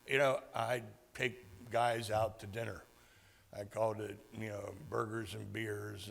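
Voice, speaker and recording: Gravelly man telling a story in a hall. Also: fairly low pitch, fairly bright tone. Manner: halting, many fillers and restarts. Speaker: guest speaker at a club meeting. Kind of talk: personal storytelling speech. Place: meeting hall.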